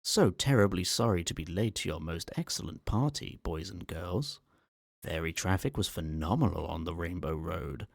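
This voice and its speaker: A man's voice: deep voice, lively intonation, moderate pace, gravelly, no echo, studio quality, exaggerated voice. A man voicing a sugary male mascot robot that speaks in a prim English lady's voice, overly sweet and theatrical, in an ASMR story reading.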